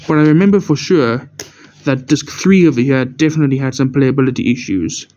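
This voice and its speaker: A man's voice: medium pitch, animated, fairly quick, dark tone. A young man casually showing off his DVD collection, rambling and correcting himself as he stumbles over words. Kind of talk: casual show-and-tell narration. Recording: dull lo-fi camera audio.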